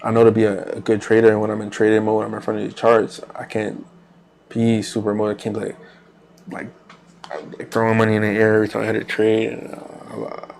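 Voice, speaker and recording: A man's voice: on the low side, completely flat delivery, quick pace, vocal fry, darkish tone, a little hiss or hum. A man hosting a trading channel, talking casually while he trades live, rambling loosely with repeated phrases and fillers.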